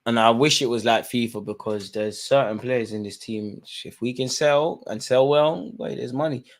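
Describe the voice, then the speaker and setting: A man hosting a live football watch-along, chatting in slang about the match and breaking into loud shouts when a chance or goal comes. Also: mid-range voice, normal speed. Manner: London slang, bursts into shouting at chances and goals.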